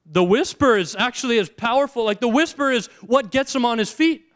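High, smooth-voiced male preacher. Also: lively intonation, fairly quick, a bit bright. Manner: conversational preaching with rhetorical questions. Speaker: pastor. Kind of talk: sermon.

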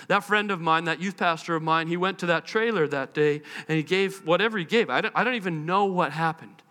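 A man preaching a sermon in a conversational, animated way, acting out the quotes he tells. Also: sits high, a little fast, in a large hall. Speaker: pastor.

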